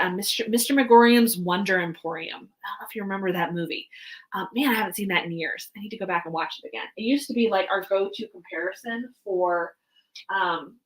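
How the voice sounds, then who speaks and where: A woman's voice: medium pitch, poor audio. Young woman, rambling live-stream chat, lots of ums, slightly worn voice. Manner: rambling, chatty, many fillers. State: voice going hoarse. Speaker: author hosting a live stream. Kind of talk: casual live-stream chat while packing boxes.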